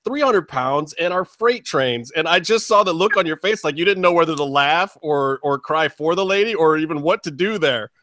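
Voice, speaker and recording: A man's voice: a little high, animated, moderate pace, few pauses, bright, forceful tone, no echo, studio quality. A man hosting a wrestling podcast, asking long, rambling questions with casual swearing. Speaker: podcast host.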